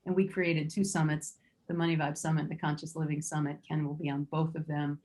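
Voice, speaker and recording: Lady hosting a video summit, lowish voice, all excited to bring her guest on. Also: brisk. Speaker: summit host. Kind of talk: introducing a guest.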